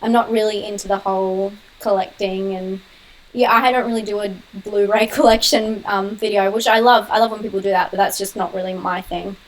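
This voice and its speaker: A young woman hosting a casual live-stream Q&A on her horror channel. She talks quickly, laughs often and answers viewers' comments. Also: mid-range voice, fairly even intonation, rough recording.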